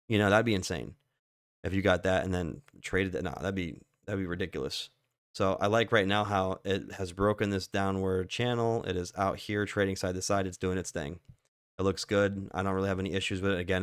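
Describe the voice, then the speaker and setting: Deep-voiced man talking through stock charts. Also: no echo, studio quality. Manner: rambling, filler-heavy, swears casually. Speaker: stock market commentator. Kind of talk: casual chart analysis walkthrough.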